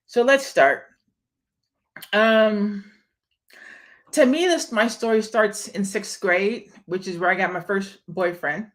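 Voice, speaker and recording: A woman's voice: mid-range voice, slow pace, pauses often. Woman, young adult, live stream host, candid and emphatic, casual talk to viewers, phone or webcam mic. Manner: greets viewers by name between thoughts, candid and emphatic.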